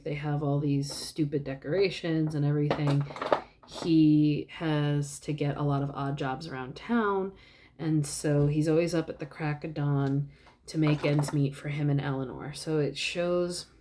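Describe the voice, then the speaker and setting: A woman's voice: low voice, background noise. A woman vlogger casually retelling a film plot in a rambling way. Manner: rambling, many fillers and restarts.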